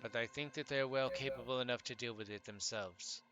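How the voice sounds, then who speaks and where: A man narrating as game master of a tabletop game, relaxed and halting, with many fillers. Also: medium pitch, over music.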